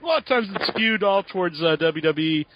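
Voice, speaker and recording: A man hosting a podcast interview, asking questions haltingly with many "uh" and "um" pauses. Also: high voice, expressive, a little hiss or hum. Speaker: podcast host. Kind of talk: casual interview. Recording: dull lo-fi audio.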